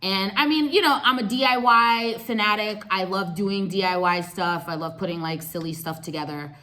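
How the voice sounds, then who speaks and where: A woman telling a story casually to her viewers, animated and slangy, laughing as she goes. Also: medium pitch, normal speed.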